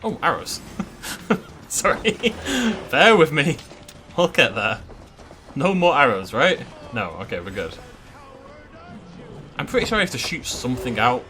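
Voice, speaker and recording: Lively man narrating his gameplay. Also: fairly high pitch, unhurried, long pauses, slight background noise. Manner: chatty, joking, thinking aloud. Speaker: gaming YouTuber. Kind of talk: let's play commentary.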